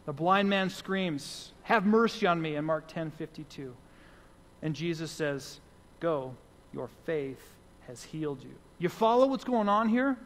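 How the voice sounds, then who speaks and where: A man preaching a sermon as pastor, earnest and repeating key phrases for emphasis. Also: fairly high pitch. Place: church sanctuary. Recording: long hall reverb.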